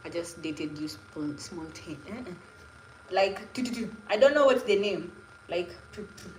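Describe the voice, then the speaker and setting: A woman's voice: on the low side, measured pace. A young woman from Kenya with a Kenyan accent, chatting casually and rambling to viewers on her live stream. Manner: chatty, rambling, laughing asides. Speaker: livestreamer. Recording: echoey room with faint noise.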